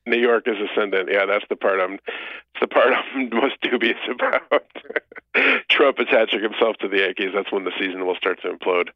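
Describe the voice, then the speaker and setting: A man on a call-in line who riffs excitedly and sardonically in casual chat. His voice sits a little low. The sound is muffled and lo-fi, dry, with no room around him. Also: normal speed, no room sound. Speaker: podcast guest on the phone. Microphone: phone call.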